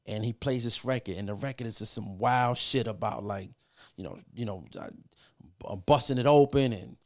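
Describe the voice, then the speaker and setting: A man's voice: mid-range voice, moderate pace, a little mellow. A middle-aged man, a music producer appearing as a podcast guest, telling stories casually with lots of cursing, fillers and restarts. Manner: profane, loose, filler-heavy with many restarts. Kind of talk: casual storytelling.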